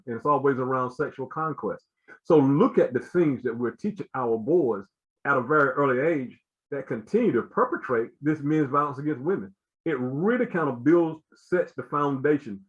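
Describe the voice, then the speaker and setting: A man's voice: medium pitch, lo-fi sound. A man giving an earnest explanatory talk as a guest speaker, with many fillers and repeated words.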